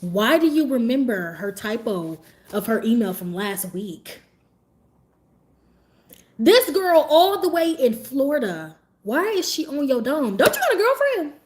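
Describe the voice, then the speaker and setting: High, lively sassy woman streamer. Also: takes it slowly. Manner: sassy, animated, laughs often while telling stories. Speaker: livestreamer. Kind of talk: casual livestream storytelling.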